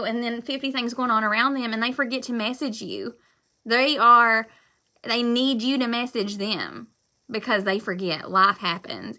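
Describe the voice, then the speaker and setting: A woman giving a live-stream pep talk to her sales team, loud, emphatic and blunt but apologetic, rambling as she goes. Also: on the high side. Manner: loud and fired up, talks emphatically. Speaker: direct-sales consultant.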